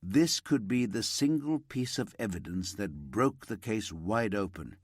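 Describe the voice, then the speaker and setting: A man narrating a crime thriller audiobook in an expressive storytelling manner. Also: on the low side, unhurried, husky, no echo, clean studio sound. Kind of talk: scripted narration.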